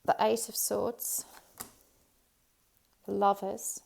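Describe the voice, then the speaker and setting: A woman's voice: medium pitch, flat delivery, very slow, gravelly. A woman giving a chatty tarot reading straight to her viewers, talking casually with many fillers. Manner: chatty, warm-hearted, many ums and you-knows. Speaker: tarot reader.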